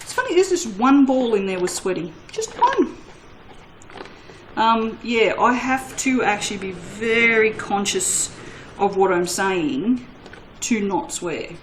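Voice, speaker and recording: A woman's voice: mid-range voice, lively intonation, a little slow. Woman, casual crafting chat, self-mocking, talks to viewers, faint hiss behind. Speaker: soap-making channel host.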